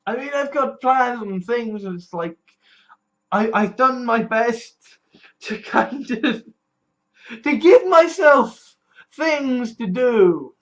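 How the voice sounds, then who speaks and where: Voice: mid-range voice, animated, fairly bright tone. Scared, swearing British-sounding vlogger. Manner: anxious, swearing, halting restarts. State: scared and distressed. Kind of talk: personal political vlog.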